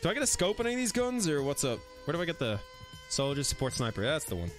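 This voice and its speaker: A man's voice: fairly high pitch, wildly swooping pitch, fast talker, soft background music. A man live-streaming a VR shooter, bantering with his chat in a crude, playful way. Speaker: game streamer.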